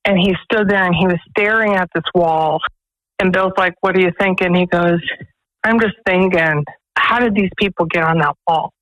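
A woman's voice: fairly low pitch, moderate pace, fairly bright tone, no echo, dull audio. A woman, director of a pregnancy resource center, earnestly telling stories as a guest on a radio interview in a studio. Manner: earnest storytelling, quoting others.

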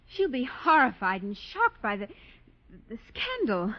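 Fretful young heiress, hesitant and pleading, higher voice, muffled 1940s radio. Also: female voice, very animated, unhurried. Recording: muffled old radio broadcast.

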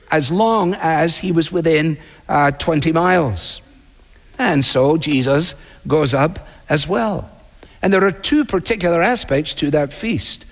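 Male pastor, higher voice, earnest conversational sermon, big reverberant sanctuary. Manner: earnest, conversational preaching with rhetorical questions and quoted voices. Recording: long reverb in a large hall.

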